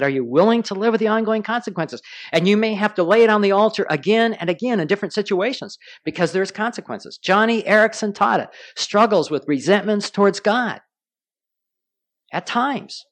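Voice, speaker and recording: A pastor with a high-sitting, fairly bright voice preaches a sermon, telling stories and asking his congregation questions.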